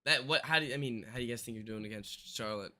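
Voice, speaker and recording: A young man co-hosting a casual sports podcast, excitable and quick to jump in and agree. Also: medium pitch. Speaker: podcast co-host.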